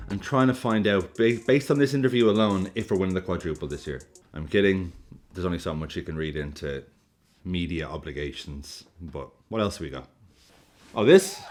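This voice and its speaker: A man hosting a football reaction video, talking in an animated, jokey way and swearing freely. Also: deep voice, slight background noise. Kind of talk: casual reaction commentary.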